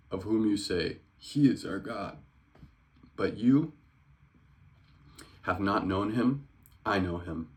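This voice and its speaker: A calm, earnest teacher, read aloud by a man in a low, deep voice. It is a casual scripture reading, plain and unforced, and it speeds up now and then.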